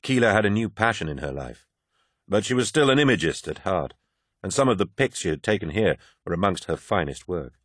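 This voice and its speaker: A man narrating a science-fiction audiobook in a steady, measured way. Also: low voice, no room sound, studio quality. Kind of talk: scripted narration.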